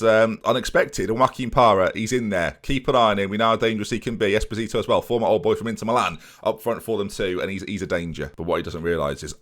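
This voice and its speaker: A young man talking over his football management game with a jokey, self-mocking humour. His pitch moves around a lot, and he jumps into excited commentary when something goes his way. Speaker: gaming YouTuber. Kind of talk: casual Football Manager let's play commentary.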